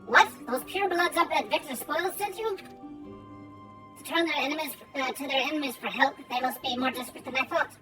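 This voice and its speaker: A woman reading game dialogue aloud, putting on an odd accent to voice a gruff, wary male trader. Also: high voice, normal speed, pushed and bright, rough recording. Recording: game music behind.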